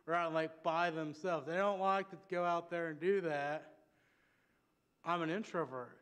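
A man preaching a sermon in a church, telling a personal story in an animated, conversational way with asides to the congregation. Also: sits high. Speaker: pastor. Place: church sanctuary.

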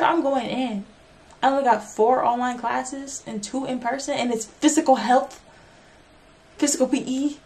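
A woman's voice: fairly high pitch, creaky, darkish tone, a little hiss or hum. A twenty-year-old woman from Virginia, chatting casually to camera as a vlogger and college student, rambling with lots of fillers and slang. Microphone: camera mic.

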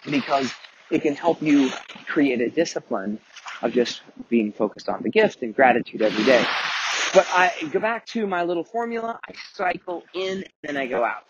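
A man hosting a motivational podcast, talking candidly and earnestly with casual swearing while walking on a beach at night. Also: mid-range voice. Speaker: podcast host and mentor. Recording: muffled outdoor recording with wave noise. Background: crashing waves.

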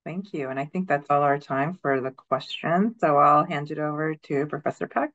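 A woman moderates the Q&A of a webinar, reading audience questions aloud in a polite way. Her voice is very low for a woman. The audio is muffled and lacks treble. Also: moderate pace, a bit bright.

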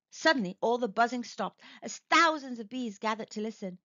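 A woman reading a children's picture book aloud, gentle and expressive. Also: mid-range voice, normal speed, no echo. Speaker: storyteller. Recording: dull dry recording.

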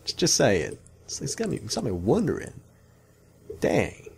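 A man's voice: medium pitch, huge pitch swings, normal speed, creaky, a little mellow, slight background noise. An Australian man in his thirties, chatting casually and rambling through video game lore as a gaming YouTuber, often saying "y'all". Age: 30s.

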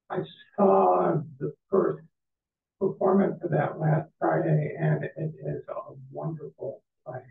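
A man hosting a literary event, making announcements and reading a speaker's introduction in a measured way. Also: a little high, creaky. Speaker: event host. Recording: echoey hall, far mic, tinny.

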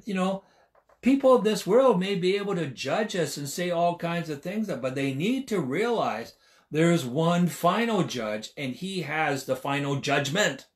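A man in his sixties preaching a sermon, stressing and repeating key phrases. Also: sits high. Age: 60s.

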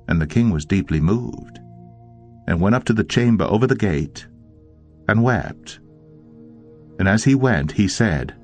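Low-voiced man reading scripture. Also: very animated. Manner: measured, deliberate reading. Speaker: audio Bible narrator. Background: faint music.

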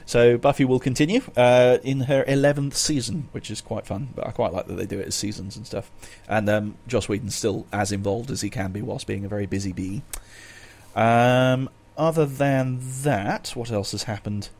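A man's voice: medium pitch, normal speed, darkish tone. A man hosting a casual podcast chat, rambling along with many fillers. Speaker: podcast host.

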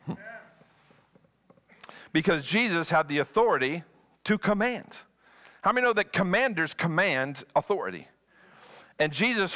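Guest pastor, male, bright voice, very lively delivery. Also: high voice. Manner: animated, playful preaching. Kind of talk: sermon.

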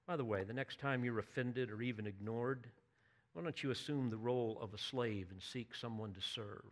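A man's voice: medium pitch, normal speed. A man preaching a sermon, earnest and emphatic, building to bursts of intensity and putting direct questions to his listeners. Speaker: pastor.

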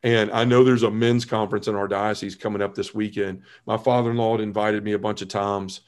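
A man in his forties, a podcast guest telling his conversion story in an earnest, animated way, acting out his past self. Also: on the low side, brisk.

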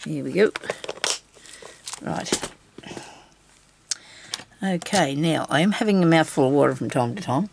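Chatty woman with gravelly voice. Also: low voice, lively intonation, a little slow, long pauses, background noise. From Australia. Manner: chatty, reassuring, talks to herself while working. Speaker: craft tutorial host. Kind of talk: casual craft tutorial talk.

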